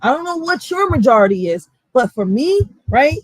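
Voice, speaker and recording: This is a woman with a Philadelphia accent sounding off in a casual vlog, blunt and full of profanity. Her voice sits high, and the sound is dry and close with no room around it. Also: sing-song, normal speed, dry recording, rough recording. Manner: blunt, profane, fired-up street talk. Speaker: block captain and vlogger.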